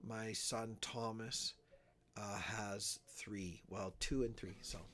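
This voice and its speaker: A man's voice: on the low side, steady tone, slow, a bit bright. An older man from Alberta, Canada, hosting a casual livestream, rambling and chatting with viewers and answering their comments. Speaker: livestream host. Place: small town home.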